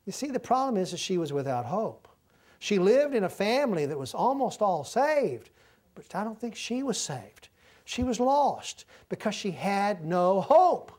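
A middle-aged man, preaching a sermon in a folksy, humorous storytelling way. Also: high-pitched. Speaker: pastor.

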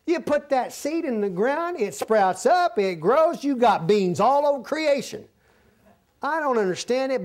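A man preaching a folksy, humorous sermon in a church, swinging between loud and soft. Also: very high-pitched. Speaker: pastor. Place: church sanctuary.

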